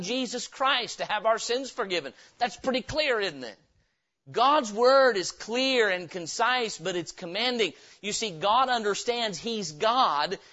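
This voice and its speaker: A pastor preaches with a high, ringing voice in a church. He is emphatic and keeps turning his points into questions for the congregation. The recording sounds dull and lo-fi. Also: pushed and bright. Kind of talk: revival sermon. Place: church sanctuary.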